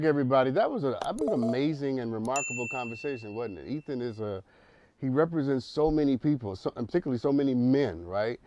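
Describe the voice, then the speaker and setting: A man's voice: medium pitch, a little mellow, no room sound, muffled recording. A man hosting a counseling talk show, speaking emphatically in a preacherly way and repeating words as he builds a point.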